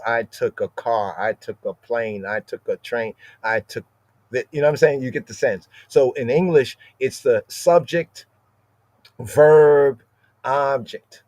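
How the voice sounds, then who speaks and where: A man's voice: medium pitch, darkish tone, no room sound. A man teaching an informal scripture lesson, repeating words and checking in with "right?" over and over. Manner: repetitive, asks "right?" constantly, spells out words. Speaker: Bible study teacher.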